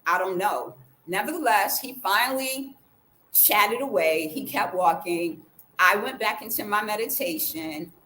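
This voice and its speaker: Animated woman telling a story. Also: medium pitch, a little slow, slight background noise, low-quality recording. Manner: animated, acts out the quoted dialogue. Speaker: vlogger. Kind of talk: casual storytelling to camera.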